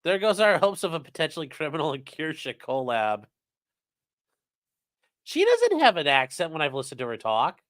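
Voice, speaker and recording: A man's voice: on the high side, wildly swooping pitch, normal speed, long pauses, fairly bright tone. A man hosting a casual live stream, reacting to news clips with sarcastic, rambling remarks and reading viewer chat aloud.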